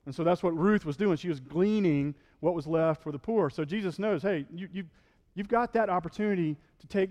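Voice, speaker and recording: A male pastor preaching a sermon in a relaxed, conversational way, often checking in with the congregation and acting out the quotes he reads. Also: high-pitched, big-room sound. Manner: conversational preaching, frequent "right?", acts out quotes.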